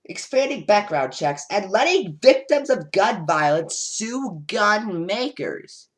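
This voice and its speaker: Sarcastic woman with a lively voice. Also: mid-range voice, takes it slowly, few pauses. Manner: sarcastic, rambling asides. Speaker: commentator. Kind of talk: casual political commentary.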